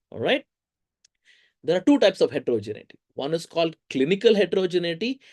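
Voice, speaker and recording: A man with an Indian English accent teaching a research methods course in a lively, conversational way, often asking the audience questions. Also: on the high side. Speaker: lecturer.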